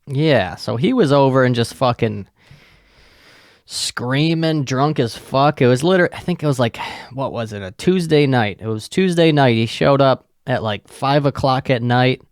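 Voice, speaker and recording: Gravelly, swearing podcast host rambling. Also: male voice, mid-range voice, unhurried, no echo, clean studio sound. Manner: profane, rambling, full of fillers. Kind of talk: casual solo rant.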